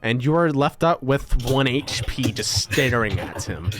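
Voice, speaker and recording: A man's voice: mid-range voice, animated, a little slow, a crowd in the background. A man acting as game master, narrating in a loose, hesitant way with many fillers. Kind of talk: running a tabletop game.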